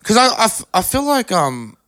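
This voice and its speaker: Bright, smooth-voiced Australian male host. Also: sits high, sing-song, moderate pace. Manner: chatty, rambling, lots of fillers and asides. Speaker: podcast host. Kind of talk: casual podcast chat.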